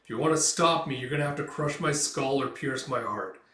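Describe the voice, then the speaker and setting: A man's voice: medium pitch, a little fast, a bit bright, close to an everyday voice. A man doing a grim battered swordsman, blunt, taunting, echoey room, distant mic. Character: grim battered male swordsman, defiant and merciless.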